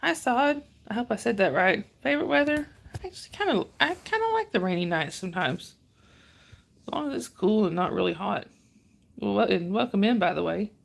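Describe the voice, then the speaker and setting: A woman's voice: medium pitch, sing-song, a little fast, gravelly. A middle-aged woman from northern Georgia with a Southern drawl, chatting on her livestream and answering viewer comments in a rambling, friendly way. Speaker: livestream host. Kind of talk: casual livestream chat.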